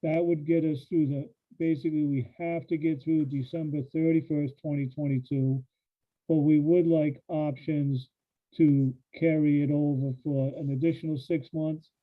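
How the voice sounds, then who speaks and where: A man's voice: fairly high pitch, flat delivery, moderate pace. A man reporting steadily to a town council as public works director, with some fillers. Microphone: phone or call line. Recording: tinny phone-line audio.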